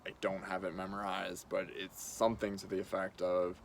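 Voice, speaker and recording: A man talking casually to camera in a halting way, with many pauses and fillers. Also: low voice, monotone, creaky. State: groggy and short on sleep. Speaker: video blogger. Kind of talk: casual spoken monologue to camera.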